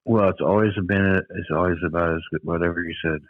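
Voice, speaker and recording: A man's voice: deep voice, steady tone, quick pace, phone-quality sound. A man co-hosting a podcast, bantering in a laid-back, casual way. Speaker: podcast co-host. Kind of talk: casual joking chat.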